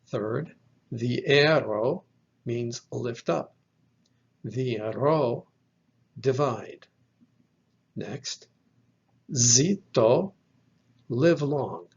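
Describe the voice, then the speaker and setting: A man teaching a class from slides, speaking slowly and carefully and spelling out letters one by one. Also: mid-range voice, gravelly, breathy edge. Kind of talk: slide lecture on Greek. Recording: dull lo-fi recording.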